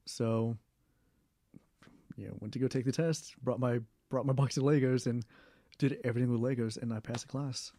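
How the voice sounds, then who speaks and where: A young man in a casual interview, talking in a rambling way with many fillers, restarts and throat clearing. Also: mid-range voice, steady tone, normal speed, warm tone, no echo. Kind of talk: casual oral history interview.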